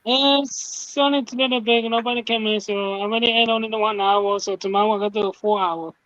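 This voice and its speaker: A man's voice: sits high, steady tone, brisk, fairly bright tone, no room sound. A man speaking broken, non-native English in a casual stream chat, cheerful, on a home computer mic. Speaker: streamer guest. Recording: dull lo-fi sound.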